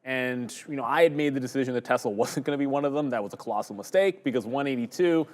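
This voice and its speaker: Male trader, mid-pitch, casual live-stream market commentary, loose and conversational. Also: fast. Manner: casual, thinking aloud with restarts and fillers. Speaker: day trader co-host.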